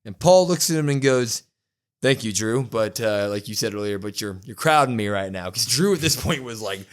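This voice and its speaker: A man co-hosting a podcast, retelling a wrestling show in a casual, animated way, quoting what was said. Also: on the low side, fairly quick, clean tone. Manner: animated storytelling, quotes wrestlers. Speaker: podcast co-host. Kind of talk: casual wrestling recap chat.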